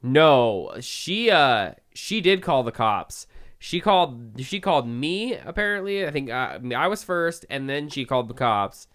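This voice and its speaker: A man's voice: mid-range voice, sing-song, a little slow, fairly bright tone. A young man co-hosting a podcast, telling a story in a loose, profane, rambling way, full of "like" fillers. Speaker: podcast co-host. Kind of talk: casual storytelling chat.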